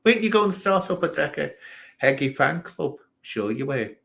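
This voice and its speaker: A man's voice: on the high side, big pitch swings, normal speed, gravelly, fairly bright tone. A man from England hosting a casual live stream, ranting animatedly and talking straight to people in the chat.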